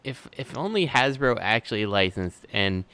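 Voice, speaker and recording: A man's voice: medium pitch, animated, moderate pace, pushed and bright, clear, resonant tone, no room sound. A man co-hosting a casual podcast chat, full of fillers like "like" and "you know". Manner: filler-heavy, says like a lot. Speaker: podcast co-host. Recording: dry close sound.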